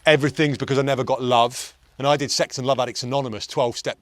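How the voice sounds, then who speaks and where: A man's voice: medium pitch, steady tone, quick pace. A man in his forties, a performance coach, talking casually and bluntly, telling stories with the odd swear word. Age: 40s. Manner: intense, blunt, storytelling with swearing. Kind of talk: casual chat. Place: golf course outdoors.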